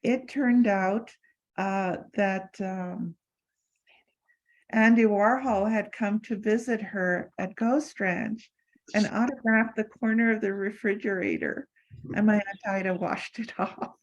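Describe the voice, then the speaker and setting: A woman's voice: medium pitch, slow, muffled recording. An older woman answering audience questions, telling personal stories with frequent fillers and restarts. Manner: warm anecdotal, many fillers and restarts. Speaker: former assistant sharing memories. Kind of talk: lecture Q&A storytelling.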